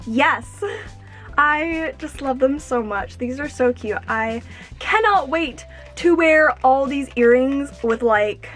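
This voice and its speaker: A young woman unboxing earrings at home, gushing and excitable, exclaiming often. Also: high voice. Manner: gushing, excitable, fillers like "oh my gosh". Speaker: YouTuber. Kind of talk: unboxing vlog.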